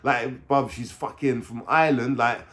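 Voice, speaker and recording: A man, telling a story to the camera. He talks in animated street slang, swears constantly and keeps asking the listener for agreement. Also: mid-range voice, moderate pace. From London. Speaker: vlogger. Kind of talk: storytime vlog.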